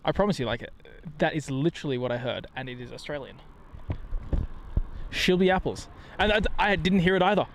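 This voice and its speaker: A man's voice: on the high side, lively intonation, vocal fry, a bit bright, a little hiss or hum. A man co-hosting a casual outdoor chat, teasing his friend and pressing him again and again. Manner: teasing, insistent, quick-fire. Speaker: guest co-host. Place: outdoors at an airport.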